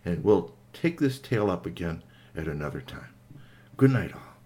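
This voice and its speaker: An older man telling a bedtime story to children, animated, with playful sound effects. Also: sits low, moderate pace, a little hiss or hum.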